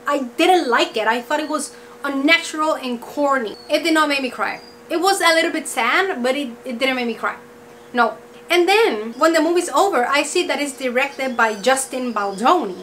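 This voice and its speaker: A young woman talks through movies in a casual review vlog, blunt and sassy as she goes. Her voice sits high. A faint hiss of background noise runs under her speech. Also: fairly bright tone, low-quality recording.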